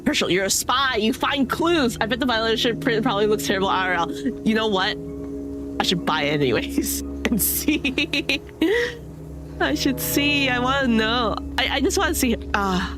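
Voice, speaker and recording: A woman's voice: on the high side, lively intonation, normal speed, over music. Giggly, rambling young woman streamer. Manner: chatty, giggly, rambling with many "sort of" and "like" fillers. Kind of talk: casual gameplay commentary.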